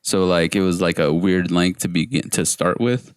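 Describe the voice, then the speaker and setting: A man's voice: low voice, moderate pace, smooth, no room sound, clean studio sound. A man in his twenties in casual podcast banter, joking, self-mocking and swearing often. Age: 20s.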